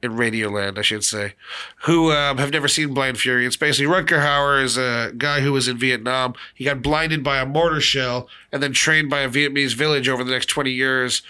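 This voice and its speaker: A man hosting a casual chat, animated and swearing, acting out movie lines as he talks. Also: mid-range voice, a little fast, clear, resonant tone.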